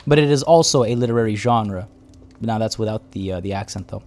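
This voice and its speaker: A man's voice: on the low side, fairly quick, darkish tone. A man streaming a strategy game, talking casually to his chat as he plays. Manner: chatty, thinking aloud and answering chat. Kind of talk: casual live-stream commentary.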